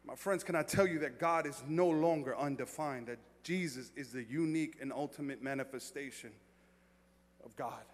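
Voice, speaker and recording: A man preaching a sermon as pastor, moving from quiet reflection to loud, excited storytelling. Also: medium pitch, moderate pace, in a large hall.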